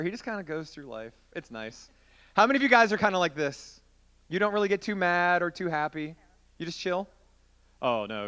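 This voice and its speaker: Man, youth pastor, playful sermon delivery, bright voice with a high, bouncy pitch. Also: smooth. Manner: playful, joking, animated with volunteers. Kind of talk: interactive youth group sermon.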